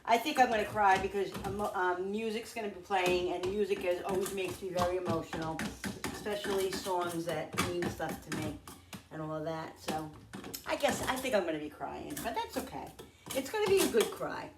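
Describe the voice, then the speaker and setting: A woman's voice: fairly low pitch, normal speed. Chatty middle-aged woman in an echoey kitchen. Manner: chatty, thinks aloud, addresses viewers as guys. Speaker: home cooking vlogger. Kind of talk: casual chat while cooking. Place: home kitchen. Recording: echoey, distant, noisy kitchen.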